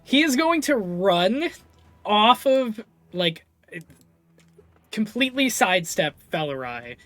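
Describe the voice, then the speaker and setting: A man's voice: sits high, very animated, slow pace, a bit bright, no echo. A man narrating as game master of a live tabletop game, loose and full of fillers.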